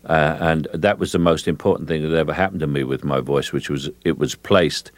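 A middle-aged man with a Cockney accent, a guest in a radio interview, talking in a halting way with many fillers and restarts. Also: extremely low pitch, fairly even intonation, no echo. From England.

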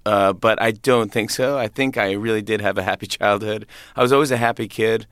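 A man's voice: fairly low pitch, steady tone, a little fast, a bit bright, no room sound, clean studio sound. A man in his thirties, a comedian, chatting in an interview, laughing often and acting out voices in his stories. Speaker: comedian and guest. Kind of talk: interview conversation.

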